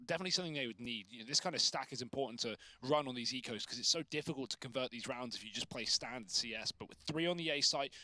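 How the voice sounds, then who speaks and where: Bright-voiced male esports caster. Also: medium pitch, no echo. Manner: excitable, jokey banter. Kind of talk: play-by-play commentary.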